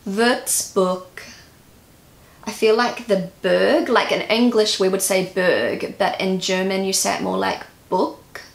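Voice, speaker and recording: Female vlogger with a New Zealand accent, casual and self-critical, with some vocal fry and an echoey room. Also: mid-range voice, little pitch movement, normal speed, hardly any pauses. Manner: self-critical, repeats words aloud after the app. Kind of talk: casual language-learning vlog.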